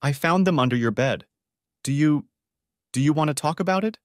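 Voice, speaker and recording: A man voicing a gentle middle-aged mother who speaks softly and tenderly in an audiobook story. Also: on the high side, moderate pace, no echo, clean studio sound, voice pushed up, close to an everyday voice. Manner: soft, tender and consoling.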